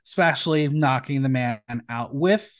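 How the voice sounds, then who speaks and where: A man hosting a casual podcast recap, telling it in a lively, playful way with dry asides. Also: medium pitch, moderate pace, no room sound. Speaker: podcast host.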